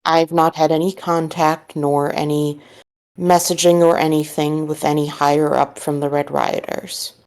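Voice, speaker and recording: An earnest, measured man speaks calmly and carefully in a low, gravelly voice, as a woman puts him on. He lays out his reasons patiently, each point weighed before he moves on. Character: earnest, measured man courting disillusioned people.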